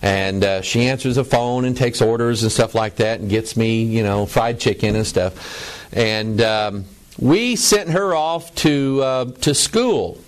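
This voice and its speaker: A man's voice: mid-range voice, a little slow. A middle-aged man preaching a lecture to a broadcast audience, stressing words by drawing them out and often repeating himself. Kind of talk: preaching lecture over images.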